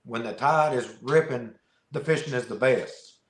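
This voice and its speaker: A man guesting on a podcast, telling a fishing story in a casual, animated way, often laughing and repeating words. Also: medium pitch, unhurried. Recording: roomy echo.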